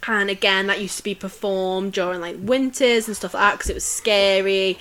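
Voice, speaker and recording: A woman's voice: medium pitch, fairly even intonation, moderate pace, a bit bright. Chatty woman telling history stories. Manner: chatty, many fillers and restarts. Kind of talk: casual chat.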